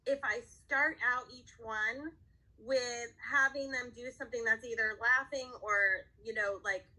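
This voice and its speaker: A woman's voice: on the high side, steady tone, a little slow, pushed and bright, low-quality recording. A woman hosting a podcast who reacts to her guest with enthusiasm in casual chat. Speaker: podcast host.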